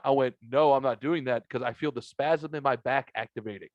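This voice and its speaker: A man's voice: medium pitch, fairly quick, no room sound, muffled recording. A man hosting a podcast, telling a rambling, profane story and acting out both sides of the conversations himself. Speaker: podcast host. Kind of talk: casual chat. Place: home basement room.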